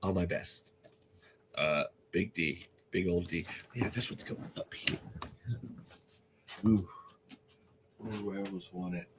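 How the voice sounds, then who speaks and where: A man's voice: low voice, slow, pauses often, background noise. A man hosting a casual livestream, rambling with frequent restarts, swearing and laughing. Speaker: podcast host.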